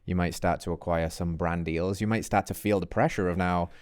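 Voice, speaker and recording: Host casting: man, enthusiastic interviewer who asks long questions, low voice, dry sound. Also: fairly even intonation, a little fast, darkish tone, smooth, dry recording. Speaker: podcast host. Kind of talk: casual interview.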